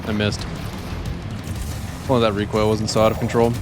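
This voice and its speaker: A man streams a game with music playing behind him, rambling casually about words he pronounces oddly and chatting with viewers as he plays. His voice is fairly low and his delivery completely flat at a moderate pace, with a self-deprecating tone throughout.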